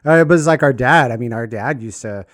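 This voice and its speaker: A man's voice: fairly quick, no echo. Man telling stories in casual chat. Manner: animated storyteller, mimics people in a high voice. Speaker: podcast co-host.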